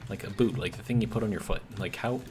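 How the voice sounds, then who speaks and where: A man's voice: lowish voice, fast. A man with a Midwestern American accent, chatting casually while streaming a game, rambling through bemused asides full of "like". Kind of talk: casual gameplay commentary.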